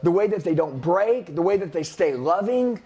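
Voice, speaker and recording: A high-pitched man delivers an intense motivational talk to a sales team. He repeats himself and preaches about discipline and leadership. His voice sits high for a man. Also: lively intonation, normal speed, mellow. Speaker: sales trainer.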